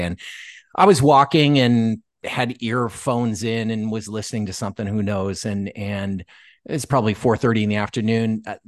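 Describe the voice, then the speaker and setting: Man, author guest, casual storytelling, halting restarts, dry close sound. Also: fairly low pitch, no room sound. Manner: animated storyteller who acts out quoted dialogue.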